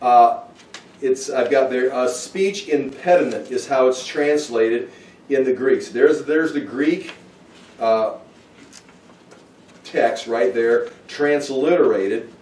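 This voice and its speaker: A man's voice: medium pitch, slow pace, darkish tone, slight background noise. Roomy, distant man teaching Bible study. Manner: thinking aloud, with restarts and asides. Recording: roomy, from far off the mic.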